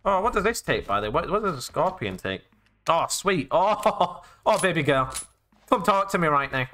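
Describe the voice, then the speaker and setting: A young British man with a slightly high, sing-song voice delivers goofy, profane let's-play commentary at a moderate pace, sounding pushed and bright. He narrates his own moves as he plays and suddenly breaks into squeals.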